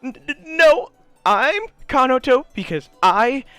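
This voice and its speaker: A man voicing a nervous young male demon slayer officer who stammers and fakes courage in a high, cracking voice. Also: sing-song, measured pace, a bit bright, no echo, soft background music, exaggerated voice. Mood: forced bravado.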